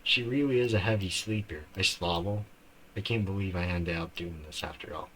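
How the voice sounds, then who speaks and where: A man's voice: sits low, moderate pace, fairly bright tone, a little hiss or hum, low-quality recording. A man streaming a game live, reading its story text aloud and breaking off into shocked outbursts.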